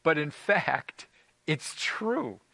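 A man's voice: a little high, sing-song, drawn-out words, vocal fry, sharp tone, no room sound. A man preaching a sermon as pastor, telling stories in a conversational way with light humor and often restarting phrases. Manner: repeats words as he restarts phrases.

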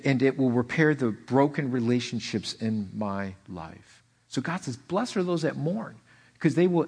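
A man preaching a sermon in an animated way, often repeating words and acting out the people in his stories. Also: mid-range voice, husky. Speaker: pastor.

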